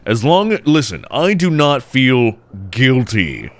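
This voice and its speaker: A young man giving jokey, excitable let's play commentary as he plays, cheering on his fish and breaking into shouts. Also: medium pitch, slow pace, slight background noise. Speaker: gameplay commentator.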